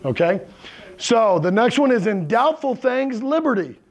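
A male pastor delivers a conversational sermon from the pulpit. His voice sits high for a man and has a gravelly, crackly texture, and he keeps pausing to check in with his listeners. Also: big pitch swings. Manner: checks in with the congregation, asking "right?" and "okay?". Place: church sanctuary with congregation.

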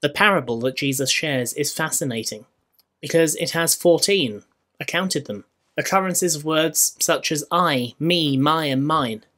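A man with a Scottish accent preaching a sermon in church, measured and rhetorical, with dry humour. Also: fairly high pitch, fairly bright tone. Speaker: minister.

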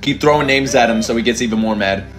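A man hosting an anime reaction, talking casually and excitably, swearing often and breaking into shouts. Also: mid-range voice, fast, music in the background. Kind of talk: live reaction commentary. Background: anime soundtrack and dialogue playing.

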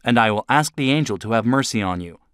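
A man's voice: medium pitch, animated, quick pace, fairly bright tone, no room sound, studio quality, lightly acted. A man reading a kind, brave young girl. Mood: firm.

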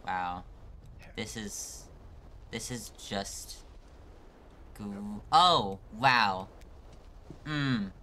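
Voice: mid-range voice, bright, forceful tone, a little hiss or hum. A live streamer commenting on a hard climbing game, exasperated and self-mocking, joking about being about to cry.

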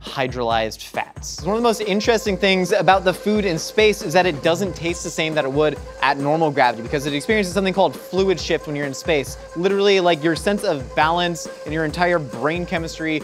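A man hosting a cooking show, explaining each step in a fast, jokey, casual way while he cooks. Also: fairly high pitch, faint music behind.

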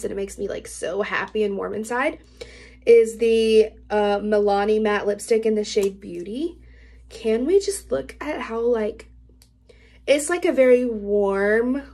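A woman's voice: a little high, a little mellow. Bubbly young woman gushing about makeup. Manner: bubbly, gushing, many "like" fillers. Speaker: beauty vlogger. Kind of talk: casual product review. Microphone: camera mic.

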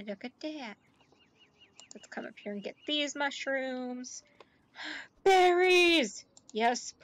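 A woman giving chatty let's play commentary, talking to game characters and gushing excitedly. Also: sits high, no echo. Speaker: gaming YouTuber.

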